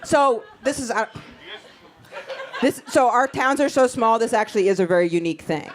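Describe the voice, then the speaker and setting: This woman from Maine works the crowd in her stand-up act, riffing casually and cursing without restraint. She speaks at an ordinary pace in a fairly high, expressive voice. Audience laughter and club noise fill the live recording from the stage.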